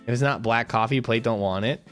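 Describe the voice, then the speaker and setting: A young male streamer chatting with his audience between game lines. He jokes, swears freely and throws quick asides to chat, in a voice of ordinary middle pitch. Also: soft background music.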